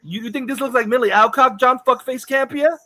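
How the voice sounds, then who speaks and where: A man's voice: very high voice, fairly quick, pushed and bright, rough recording. A man co-hosting a live movie review stream, ranting in a crude, heated, mocking way. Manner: crude, heated and mocking, laughs at his co-host. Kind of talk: casual profane rant.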